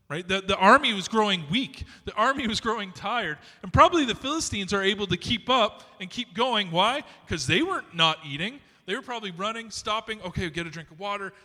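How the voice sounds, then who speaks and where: A man's voice: on the high side, bright, forceful tone, long reverb tail. A man preaching a sermon as pastor, talking conversationally and acting out scenes from the scripture. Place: church sanctuary.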